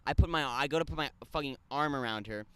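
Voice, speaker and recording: A young man co-hosting a podcast, telling a crude story in casual chat, animated and jumping from loud bursts to mumbled asides. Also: mid-range voice, fast talker, smooth. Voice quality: crude, joking banter. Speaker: podcast co-host.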